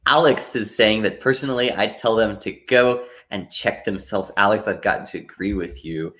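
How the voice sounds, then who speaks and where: A man's voice: on the low side, moderate pace, fairly bright tone. A man teaching a live online lesson, patiently explaining phrasal verbs and reading out chat comments, with frequent "uh" fillers. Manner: reads out and answers chat comments.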